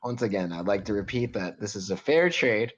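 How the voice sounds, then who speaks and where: A man's voice: fairly low pitch, lively intonation, a little fast, a crowd in the background. Guy co-hosting, earnest and kinda hesitant, muffled audio. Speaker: podcast co-host. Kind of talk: casual chat.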